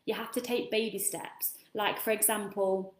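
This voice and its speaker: Woman coach, middle pitch, rambling casual chat, roomy echo. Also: steady tone, moderate pace. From England. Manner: chatty, rambling, swears freely. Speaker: self-love coach. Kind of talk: casual motivational talk. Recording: echoey room.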